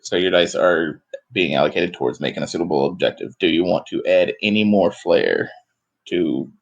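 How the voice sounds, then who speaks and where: A man's voice: low-pitched, moderate pace, vocal fry, dull audio. A man running a tabletop game as game master, laid-back and joking with his players. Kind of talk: casual tabletop game play.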